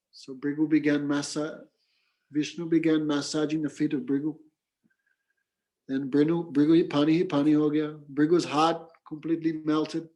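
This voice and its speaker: Guy teaching a scripture class, kinda high voice, patient storytelling, breaks into chanting sometimes. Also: fairly even intonation, moderate pace, a little mellow. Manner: plain, patient explaining, breaks into mantra chanting. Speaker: spiritual teacher.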